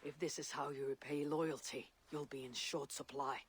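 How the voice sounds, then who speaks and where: A man's voice: a little high, steady tone, normal speed, husky. An actor playing a blunt, loyal male Viking leader who speaks firmly in a video game. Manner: firm, blunt.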